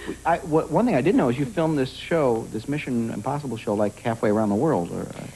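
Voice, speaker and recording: A man's voice: mid-range voice, lively intonation, fast talker, mellow, slight background noise, rough recording. Joking, hesitant man hosting a talk show. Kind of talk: casual TV interview.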